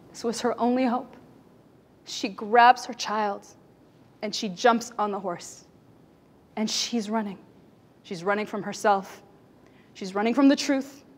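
A woman giving a talk on stage, telling emotional stories dramatically and swinging between loud passages and hushed ones. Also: medium pitch, breathy edge. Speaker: speaker.

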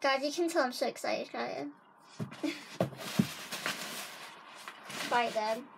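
Heavy background noise accompanies this bedroom haul vlog from a young woman whose high voice is creaky and moves at a normal pace. Addressing her viewers directly, she gushes and chats, constantly calling them "guys."

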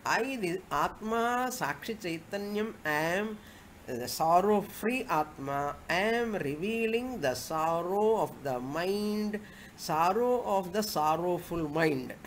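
A woman's voice: lowish voice, expressive, takes it slowly, a little hiss or hum. A woman spiritual teacher, explaining scripture patiently and repeating Sanskrit verse phrases as she goes. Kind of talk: scripture lecture.

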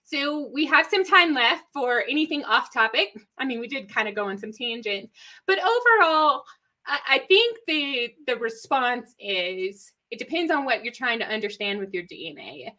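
A woman's voice: on the high side, very animated, moderate pace, sharp tone. A woman from East Texas with an East Texas accent, co-hosting a genealogy live stream in a chatty, rambling way, often laughing. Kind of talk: casual live-stream chat.

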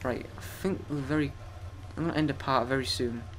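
A man's voice: mid-range voice, fairly quick, fairly bright tone, a little hiss or hum. A young man giving profane, sarcastic, self-mocking commentary while playing a video game. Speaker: let's play gamer. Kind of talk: gameplay commentary.

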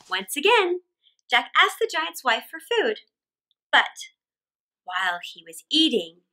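A woman reading a classic fairy tale aloud for children, expressive and animated, with dramatic gasps. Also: high voice. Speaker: children's storyteller. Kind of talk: read-aloud storytelling for children.

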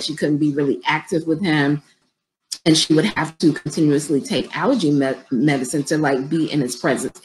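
A woman's voice: deep voice, a little hiss or hum, rough recording. A middle-aged woman business coach talking conversationally and directly to her viewers on a live stream, with features.

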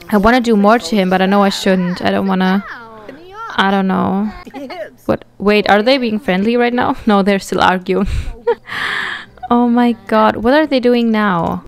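A woman hosting a let's play, giving casual, rambling and excitable commentary as she plays. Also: medium pitch, normal speed, vocal fry, pauses often.

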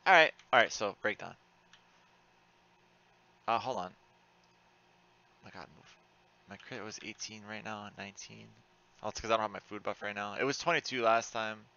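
A man giving live commentary while playing an online game, frustrated and excitable, swearing often with sudden loud outbursts. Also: fairly low pitch, normal speed, creaky, pauses often, highs cut off.

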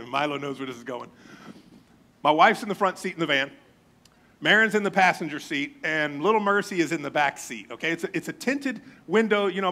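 A middle-aged pastor preaching a sermon in a church, telling funny self-mocking stories. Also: male voice, high-pitched. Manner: storytelling, self-mocking, animated.

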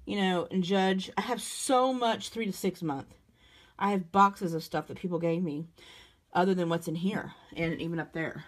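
A young woman, heavily pregnant and out of breath, chatting casually to a phone camera as she shows off a nursery, with lots of fillers and restarts. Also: mid-range voice. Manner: chatty, halting with many fillers. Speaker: vlogger. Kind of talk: casual vlog chat. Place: nursery at home, indoors. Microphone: phone held while walking.

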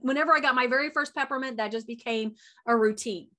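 A woman, giving a chatty, animated motivational talk as a wellness coach. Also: high voice. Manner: chatty and animated, says y'all a lot; talks fast.

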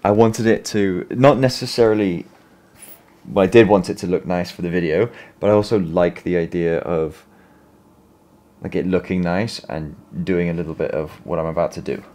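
A man's voice: sits low, steady tone, normal speed, warm tone. A man vlogging from his small home office, thinking aloud and rambling with self-corrections. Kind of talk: casual vlog talk.

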